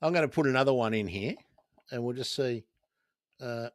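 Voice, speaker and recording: A man's voice: medium pitch, normal speed. A man with an Australian accent hosting a casual livestream, talking bluntly, swearing and reading viewer comments aloud. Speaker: livestream host.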